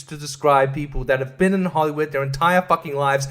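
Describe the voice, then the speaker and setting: A man's voice: mid-range voice, steady tone, brisk, clear, resonant tone. Profane ranting man. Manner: profane, ranting, laughs often; drops to hushed asides. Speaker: podcast host. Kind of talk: solo podcast rant.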